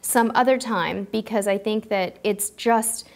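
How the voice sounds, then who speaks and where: A woman's voice: medium pitch, a little slow, creaky. A woman hosting a live cruise-advice stream, answering viewer questions and thanking supporters in a chatty, heartfelt way. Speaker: cruise show host. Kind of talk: live-stream Q&A, casual chat.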